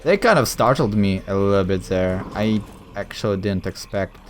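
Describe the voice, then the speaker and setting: A gameplay commentator rambles casually through a let's-play, thinking aloud with lots of fillers. His voice is on the low side and expressive, at a moderate pace, with a little hiss or hum.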